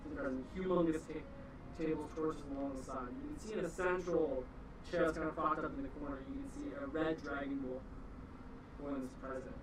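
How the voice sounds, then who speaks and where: A man's voice: on the high side, fairly even intonation, brisk. A man narrating as game master in a casual tabletop session, with loose phrasing and frequent restarts. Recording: echoey room, distant mic, faint hiss.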